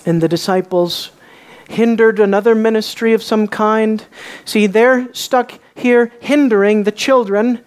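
Woman preacher, sermon delivery, slow and deliberate, slightly high voice, emphatic with quiet drops. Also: steady tone. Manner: emphatic, rising and dropping to quiet for effect.

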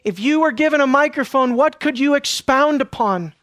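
A man preaching a sermon, moving between hushed lines and emphatic questions. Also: extremely high pitch, moderate pace, no room sound, studio quality. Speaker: pastor.

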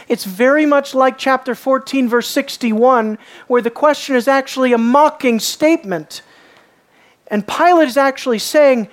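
A woman preacher delivers an earnest expository sermon, frequently posing rhetorical questions and swinging between raised and hushed emphasis. Her voice sits high, and she speaks at a normal speed.

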